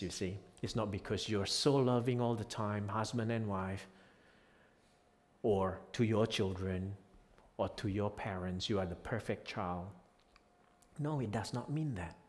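A man preaching a sermon as pastor, moving from quiet reflective lines to loud, emphatic peaks. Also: lowish voice. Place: church sanctuary. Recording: reverberant church hall.

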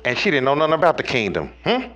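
A man giving a preachy tarot reading in a slangy, profane way, talking straight to viewers and swinging between loud highs and low murmurs. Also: wildly swooping pitch, fast talker. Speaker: tarot reader.

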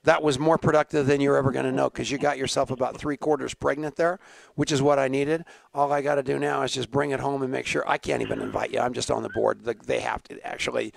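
Gravelly joking talk-show host man. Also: mid-range voice, fairly even intonation, quick pace, no room sound. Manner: jokey, laughs often, tells stories. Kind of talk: casual talk show banter.

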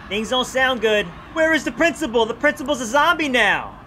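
A young man giving playful, excitable commentary while playing a video game, often yelling at the game. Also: extremely high pitch, normal speed, few pauses. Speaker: gaming youtuber. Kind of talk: let's play commentary. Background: game music.

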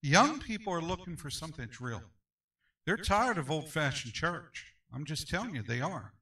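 A man's voice: a little high, big pitch swings, normal speed, sharp tone, distant mic, poor audio. Male pastor leading Sunday school; brassy, ringing voice, emphatic call-and-response, picked up from across the room. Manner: emphatic, repeats phrases, calls for amens.

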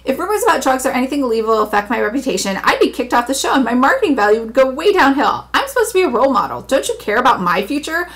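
A woman's voice: sits high, big pitch swings, rapid-fire, few pauses, a bit bright, voice pushed up, heavily acted. A woman reading aloud, voicing a petulant, whiny young actress who pleads and sulks. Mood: indignant.

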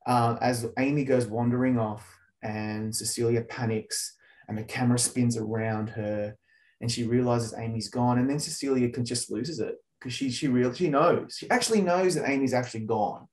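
A man's voice: medium pitch, moderate pace, reverberant. A man with an Australian accent hosting an interview over a video call, enthusiastic and rambling in his questions. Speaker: interview host. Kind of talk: casual interview chat.

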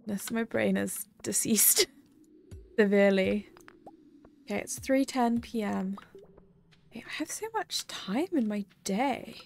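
A woman's voice: on the high side, gravelly. A young woman chatting casually on a live game stream, rambling and giggling as she talks to her viewers. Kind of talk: casual live-stream chat while gaming.

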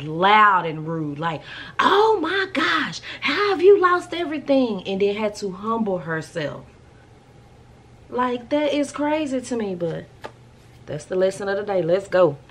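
A woman vlogger telling stories in a casual, animated, colloquial way. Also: mid-range voice, slight background noise. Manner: chatty, animated, colloquial storytelling. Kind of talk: casual storytelling chat.

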